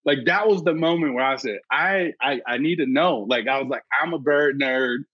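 A man, a birding educator and podcast guest, telling an excitable story and acting out his own past thoughts. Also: medium pitch, normal speed, slightly rough, no echo, lo-fi sound. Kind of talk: animated storytelling.

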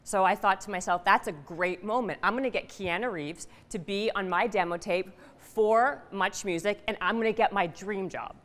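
A middle-aged woman telling a personal story to an audience, animated and punchy, asking the room questions. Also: medium pitch, normal speed, few pauses. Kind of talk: storytelling talk. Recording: reverberant hall.

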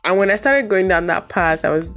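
A woman hosting a casual motivational podcast, talking animatedly and jumping high when she acts out her own reactions. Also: a little fast, faint music behind. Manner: animated, jumps to high excited pitch when acting out reactions. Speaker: podcast host.

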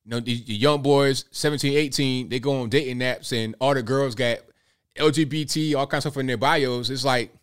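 A man's voice: mid-range voice, steady tone, moderate pace, smooth. A young man hosting a reaction commentary, talking bluntly and repeating himself in a conversational way. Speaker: commentary host.

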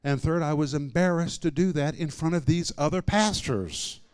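A man's voice: fairly high pitch, normal speed, smooth. Dramatic male preacher telling a story. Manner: dramatic storytelling with sudden swings between quiet and loud. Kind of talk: sermon storytelling.

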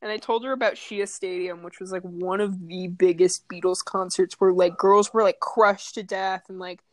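A woman's voice: on the low side, fairly even intonation, moderate pace, no room sound. A woman hosting a casual podcast from a room at home, laughing often, swearing freely and rambling from one thought to the next. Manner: giggly, swears a lot, rambling. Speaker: podcast host.

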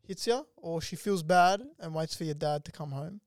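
Blunt, high-voiced young man. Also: normal speed, dry recording, studio quality. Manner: blunt, profane storyteller. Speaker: podcast co-host. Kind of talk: casual chat.

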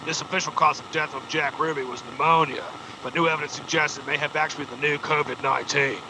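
A man's voice: on the high side, fairly even intonation, fast talker, background noise, close to an everyday voice. A man playing an earnest male radio caller who lays out conspiracy theories.

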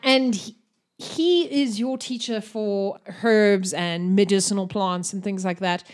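A woman's voice: mid-range voice, slow, darkish tone. A woman narrating a tabletop game as game master, chatty and laughing.

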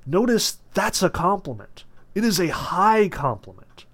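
A man's voice: sits high, very animated, measured pace. A man giving a casual lecture on a novel, talking in a chatty way with many filler words and restarts, and leaning on his key points with emphasis. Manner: emphatic when stressing points. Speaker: literature lecturer. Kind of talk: casual lecture on a novel, reading passages aloud.

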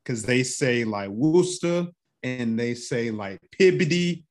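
A man from North Carolina hosting a podcast, relaxed and folksy in casual conversation. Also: medium pitch, measured pace. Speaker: podcast host.

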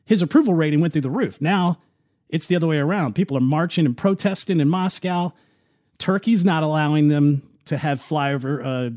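A man delivers opinionated political commentary in a loose, conversational way. His voice sits a little high, and he talks with a sarcastic, scoffing edge. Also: darkish tone. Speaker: commentary show host.

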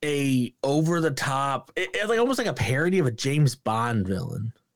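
A man's voice: medium pitch, moderate pace, dry recording, clean studio sound. A man co-hosting a casual movie review podcast, swearing freely and mimicking lines in sudden put-on voices. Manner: profane, animated, mimics lines with bursts of voices. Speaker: podcast co-host.

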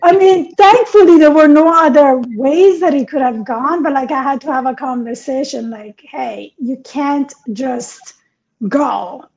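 A woman with a high voice chats casually on a podcast, laughing often as she tells her stories. She sounds like she's in her thirties. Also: moderate pace, few pauses, a little mellow, highs cut off. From Europe. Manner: laughs often, chatty storytelling. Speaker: podcast co-host. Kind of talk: casual chat.

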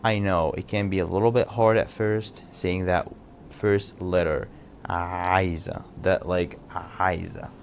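Deep-voiced Egyptian man teaching casually. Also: darkish tone, a little hiss or hum. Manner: loose and chatty, repeating phrases slowly for learners. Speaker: language teacher. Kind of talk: casual podcast lesson.

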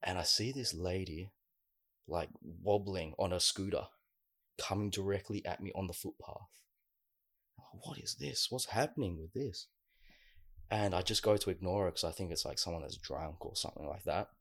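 A man, co-hosting a casual podcast and telling a long story in a lively, filler-heavy way. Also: low voice, brisk, no echo, clean studio sound. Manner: animated storyteller, many fillers. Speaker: podcast co-host.

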